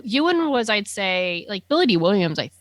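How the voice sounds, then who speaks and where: A woman in casual chat, telling a long, enthusiastic story and padding it with fillers. Her voice sits in a middle pitch, recorded close and dry. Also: very animated, moderate pace, no echo.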